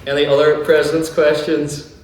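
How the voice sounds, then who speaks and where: A young adult man presides over a student debating society in a large lecture hall with an audience, fielding questions with jokey, self-deprecating puns. His slightly high voice is completely flat at normal speed. The recording is noisy, echoey and captured from far off.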